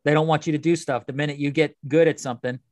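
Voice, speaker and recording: A man's voice: on the high side, steady tone, quick pace, darkish tone, dry recording. A man co-hosting a collectibles podcast, chatting and grumbling in an easygoing way. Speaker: podcast co-host. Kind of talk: casual chat.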